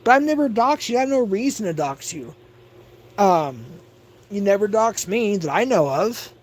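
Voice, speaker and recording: A man's voice: sits high, sing-song, normal speed, darkish tone. An agitated man ranting on his livestream, stammering and repeating himself. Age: adult. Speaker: livestream host. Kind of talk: livestream rant.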